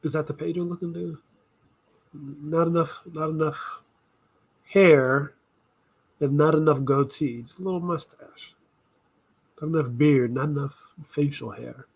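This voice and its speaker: Rambling man reacting, slightly high voice. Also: fairly even intonation, a little slow, long pauses, breathy edge. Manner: rambling, thinking aloud, self-correcting. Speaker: reaction video host. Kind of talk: casual reaction commentary.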